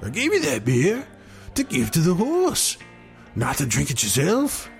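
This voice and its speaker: Man playing a gruff saloon bartender, loud raised voice, gravelly rasp, faint music behind. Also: on the high side, huge pitch swings, unhurried, voice pushed up, full character voice.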